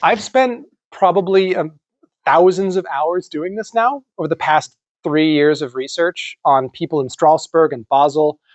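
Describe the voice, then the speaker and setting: Animated man giving a lecture. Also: fairly high pitch, no room sound. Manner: animated and conversational, with casual swearing. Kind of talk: conference lecture. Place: lecture room.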